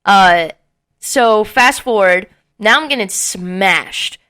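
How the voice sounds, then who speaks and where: Bright-voiced young woman telling a wild story. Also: medium pitch, slow, clear, resonant tone. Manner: animated storyteller, swears freely, acts out quotes. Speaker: podcast co-host. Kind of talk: casual storytelling chat.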